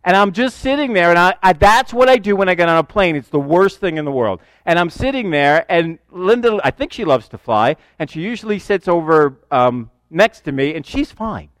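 High-voiced older man preaching. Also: normal speed, hardly any pauses, dry recording. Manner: animated storyteller, self-mocking. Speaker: pastor. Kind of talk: sermon.

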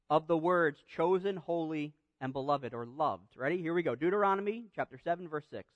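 High-voiced man preaching a sermon. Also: no room sound. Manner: earnest preaching with emphatic pauses and restarts. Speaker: pastor.

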